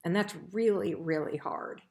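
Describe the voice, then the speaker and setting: A woman's voice: lowish voice, moderate pace, darkish tone. A middle-aged woman hosting a live stream, giving earnest, emphatic advice straight to her listeners. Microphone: live-stream broadcast mic. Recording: echoey room.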